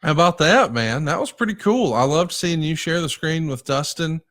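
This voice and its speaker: A man's voice: fairly high pitch, lively intonation, moderate pace, fairly bright tone. A man co-hosting a podcast, chatting casually and prodding with questions. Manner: conversational, prompts with questions. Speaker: podcast co-host. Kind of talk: casual chat.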